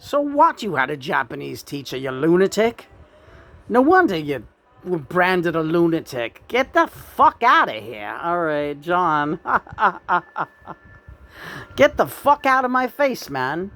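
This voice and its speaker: A woman speaking as the channeled spirit of a famous male rock star, ranting profanely and mockingly with sudden loud outbursts. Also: low voice, lively intonation, takes it slowly, creaky, exaggerated voice. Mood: scornful.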